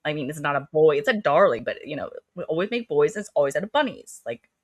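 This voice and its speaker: Chatty sarcastic woman, lowish voice. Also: very animated, dry recording, clean studio sound. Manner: chatty, sarcastic, quick to act out scenes. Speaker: book podcast co-host. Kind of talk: casual book review chat.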